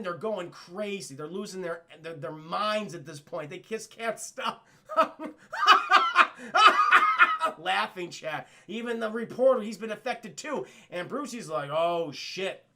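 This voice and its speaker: A man's voice: sits high, creaky, pushed and bright, slight background noise. A man casually recapping a cartoon for his livestream chat, rambling and profane, often addressing the chat and acting out characters. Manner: acts out characters in quick voices. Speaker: streamer reviewing a cartoon.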